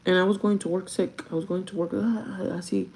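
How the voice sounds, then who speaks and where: A woman's voice: lowish voice, steady tone, a little fast, vocal fry, a little mellow, low-quality recording. A young woman chatting casually while getting ready, cursing freely and laughing often. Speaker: vlogger. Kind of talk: casual get-ready-with-me chat.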